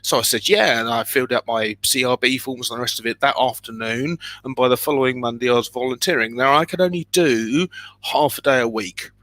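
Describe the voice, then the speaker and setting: A man as an interview guest, telling personal stories in an animated way and acting out scenes with sudden loud exclamations. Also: mid-range voice, brisk, dry recording.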